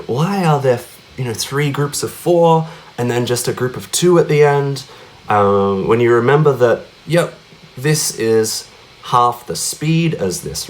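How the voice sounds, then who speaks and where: Chatty man teaching cajon, lively pitch. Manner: chatty, asks many tag questions like yeah and right; counts out beats and vocalizes drum sounds. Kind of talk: casual music lesson.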